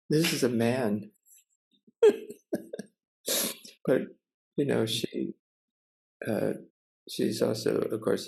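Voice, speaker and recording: An older man with a gravelly, mellow, low voice tells a story. He talks haltingly, with pauses and restarts, heard through a video call mic. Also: poor audio. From United States. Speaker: Zen teacher and cook. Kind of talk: casual storytelling.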